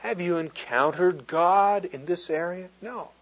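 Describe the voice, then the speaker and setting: A man preaching a sermon, reading scripture aloud and breaking off with excited asides and jokes. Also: high voice, a little slow. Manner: animated, quoting scripture and joking with the audience. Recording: dull lo-fi sound.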